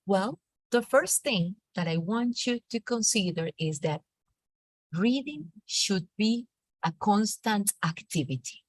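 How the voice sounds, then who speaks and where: A woman teacher with a Colombian accent, reading a storybook aloud to a class with expressive, animated delivery before moving on to teaching. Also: mid-range voice, slow pace, no room sound. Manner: expressive, animated read-aloud with acted character lines. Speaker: teacher leading a reading workshop.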